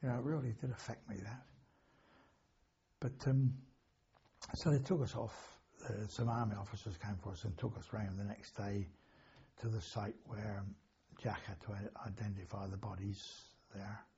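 A man's voice: on the low side, fairly even intonation, normal speed, vocal fry, dark tone, dull audio, a little hiss or hum. An older man, recalling wartime memories in a rambling, anecdotal way with chuckles and self-corrections. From England. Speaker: interviewee, war veteran. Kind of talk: oral history recollection.

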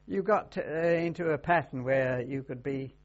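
A man's voice: mid-range voice, moderate pace. An older man, a naval veteran, answering questions in an oral history interview with dry humor. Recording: dull lo-fi recording.

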